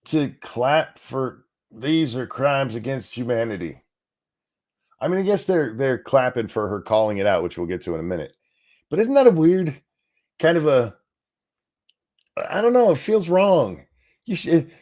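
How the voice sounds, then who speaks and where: Sarcastic man with a lively voice. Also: fairly high pitch, measured pace. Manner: sarcastic, mocking, swings loud and soft. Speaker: show host. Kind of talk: casual commentary over news clips.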